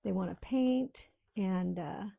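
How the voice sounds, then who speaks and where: A grandmotherly woman in her sixties talks to her viewers as she paints, spinning one family story into the next. Her voice has a gravelly fry to it, and it sounds close and dry with no room around it. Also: mid-range voice, slow, dry recording, muffled recording. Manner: chatty, rambling storyteller talking to viewers. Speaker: craft video host. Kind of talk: casual chat while crafting on camera. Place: small-town home.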